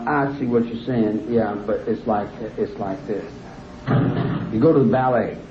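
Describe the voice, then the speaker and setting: Middle-aged inmate, rambling, heats up into indignation; roomy interview room, dull archival tape. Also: male voice, medium pitch, background noise. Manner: rambling, repetitive, growing indignant and heated. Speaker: prison inmate being interviewed.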